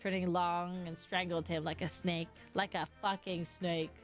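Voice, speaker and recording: A woman's voice: fairly low pitch, level tone, unhurried, soft background music. A woman streamer giving casual, joking commentary over a game, blunt and swearing casually as she reacts.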